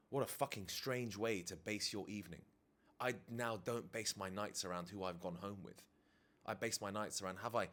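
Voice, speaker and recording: A man's voice: on the low side, sharp tone. A man, a dating and life coach, talking frankly and reflectively to camera indoors, swearing casually now and then. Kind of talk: candid confessional talk to camera. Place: indoors with DJ kit behind him.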